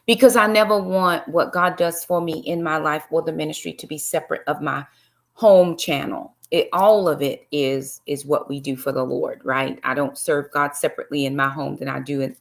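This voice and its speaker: Gravelly-voiced woman live-streaming. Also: low-pitched. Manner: chatty, greets viewers by name, preachy asides. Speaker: livestream host and Bible study teacher. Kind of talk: casual live-stream devotional talk.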